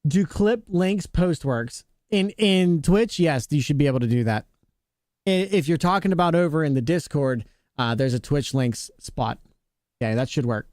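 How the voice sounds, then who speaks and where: A man's voice: a little high, normal speed, a little mellow, no room sound, studio quality. A male streamer chatting casually with viewers, joking around, laughing often and greeting chatters by name.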